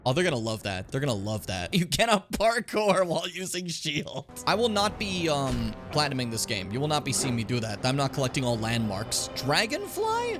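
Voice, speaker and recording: A young man streaming a video game, reacting with loud, profane outbursts, shouted taunts and frequent laughter. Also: mid-range voice, expressive, a little fast, few pauses, music in the background. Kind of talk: live gameplay commentary.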